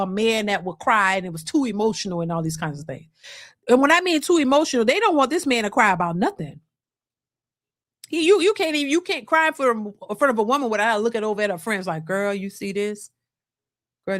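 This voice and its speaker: A woman's voice: on the high side, no room sound, clean studio sound. A woman, talking casually and emphatically as host of a livestream. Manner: animated, emphatic, restarts often. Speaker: host of a reaction channel.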